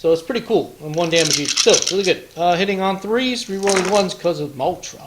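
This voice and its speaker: A man's voice: sits high, fast talker, few pauses, slight background noise, low-quality recording. Chatty man calling tabletop dice rolls. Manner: chatty, counts dice aloud, playful taunts. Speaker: wargame battle report host. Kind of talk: casual play-by-play of a tabletop game.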